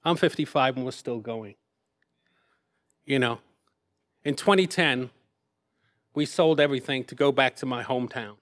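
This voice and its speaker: An Englishman in his fifties, a missionary, gives his story as a sermon testimony, poking fun at himself and wandering off into asides. His voice is medium in pitch and fairly bright, and he talks at a normal pace with long pauses.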